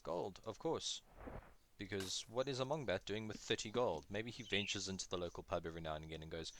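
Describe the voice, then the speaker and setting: A gaming video host with a low, brisk voice and a fairly bright tone chats casually as he plays, with a little hiss or hum in the audio. He jokes at his own expense and talks to the creatures he's fighting.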